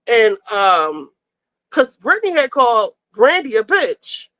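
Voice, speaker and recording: A woman hosting a livestream, recapping reality TV in casual, blunt and profane chat, rushing through the story. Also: high-pitched, sing-song, pushed and bright, dry recording, rough recording. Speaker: livestream host.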